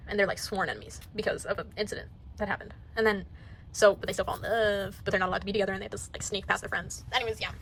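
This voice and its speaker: A woman's voice: mid-range voice, a bit bright, slight background noise, low-quality recording. A woman giving a casual tour of her sketchbook, gushing and rambling, often trailing off into mumbles. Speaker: artist showing her sketchbook.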